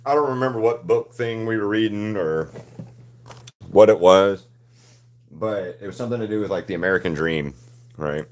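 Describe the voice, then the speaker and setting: Streaming artist, young adult man, slightly low voice, rambling and swearing casually as he works. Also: normal speed, pauses often, a little mellow. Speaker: artist livestreaming a painting session. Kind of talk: casual chat while painting.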